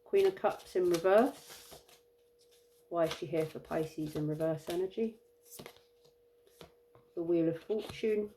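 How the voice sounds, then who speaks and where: A tired woman giving an intuitive tarot reading, musing and halting with many fillers. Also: lowish voice, dark tone, slight background noise. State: tired, yawning. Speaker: tarot reader.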